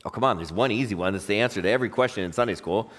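A man's voice: fairly low pitch, racing, long reverb tail. A man preaching a sermon, reading scripture and asking his listeners questions. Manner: lively, questions the congregation. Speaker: pastor.

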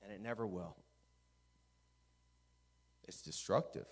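A middle-aged male pastor preaching a sermon, swinging from quiet intensity to loud, animated storytelling. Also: lowish voice, slow pace, husky.

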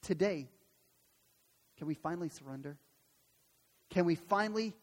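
A man's voice: high voice, unhurried, pauses often, darkish tone. A man pastor preaching a sermon in a church, earnest and emphatic, repeating phrases for weight. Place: church sanctuary. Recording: long hall reverb.

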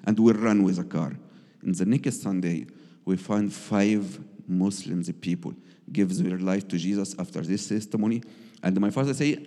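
A man's voice: low voice, moderate pace, long reverb tail. A man who is not a native English speaker, telling a personal story as a guest missionary in broken English and acting out the people he quotes. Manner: broken English, acts out quoted voices loudly.

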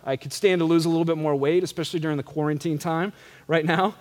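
High-voiced pastor preaching in a reverberant church. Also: male voice, fairly even intonation, fast, a little mellow. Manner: conversational, self-deprecating preaching. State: some gray hair. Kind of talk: sermon. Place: church sanctuary. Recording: church live stream with long reverb.

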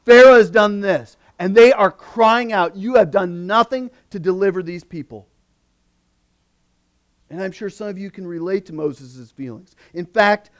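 A man delivering a sermon as a pastor, his voice sitting high for a man. He preaches expressively, pressing hard on key phrases and dropping to near-quiet asides. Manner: expressive preaching, swings between emphatic and hushed.

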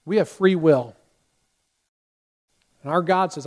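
A man's voice: fairly high pitch, animated, normal speed, pauses often, a little mellow. A male pastor preaching a Sunday sermon, asking the congregation direct questions and closing in prayer. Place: church sanctuary. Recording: long hall reverb.

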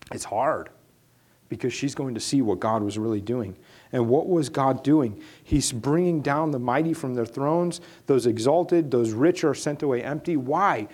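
A middle-aged man, a pastor, preaching an earnest sermon that rises to loud, high-pitched emphasis at its peaks. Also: husky.

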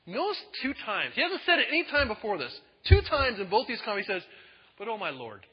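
Male pastor, sermon, husky voice, lively, high-pitched, echoey hall, dull lo-fi recording. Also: a little fast. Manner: animated, acts out quotes with voices.

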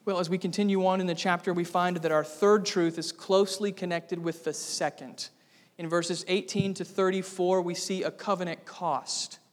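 A man preaching an expository sermon as pastor, emphatic, with sudden dramatic rises in pitch and volume. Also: steady tone, moderate pace. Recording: long hall reverb.

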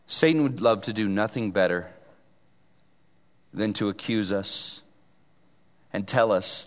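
A man's voice: fairly low pitch, takes it slowly, pauses often. Earnest preacher man in a reverberant hall. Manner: earnest preaching, swinging from emphatic to hushed. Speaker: pastor. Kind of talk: sermon.

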